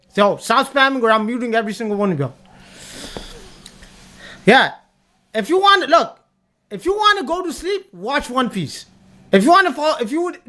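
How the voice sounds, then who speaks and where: Animated young streamer ranting. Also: medium pitch. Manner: repetitive, emphatic, swears a lot. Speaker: livestreamer talking to chat. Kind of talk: ranting tier-list commentary.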